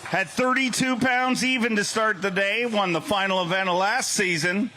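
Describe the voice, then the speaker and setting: A man emceeing a fishing tournament weigh-in on an outdoor stage, hyping anglers with loud booming calls. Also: moderate pace, over music. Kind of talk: weigh-in announcing.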